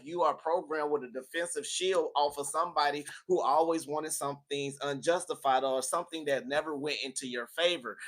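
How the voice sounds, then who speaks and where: A man giving a casual spiritual tarot reading in a preachy, animated, slangy motivational way. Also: a little high. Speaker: tarot reader.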